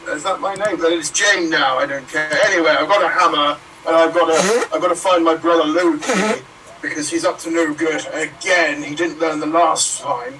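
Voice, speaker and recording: A man voicing a brash heroic thunder god in an improv sketch, loud and hammy. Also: fairly high pitch, normal speed, far from the mic, noisy background, lightly acted.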